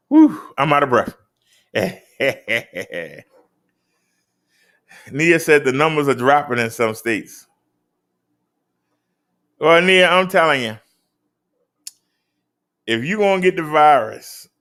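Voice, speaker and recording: A man hosting a casual show, reading out daily figures and chatting. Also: a bit bright. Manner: emphatic, swoops up high on key numbers. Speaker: host.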